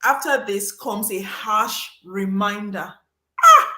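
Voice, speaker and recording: A woman from Nigeria hosting a casual chat, telling stories in an animated, exclamatory way. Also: mid-range voice, slow, echoey room. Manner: animated, exclamatory storytelling with laughs. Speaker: host.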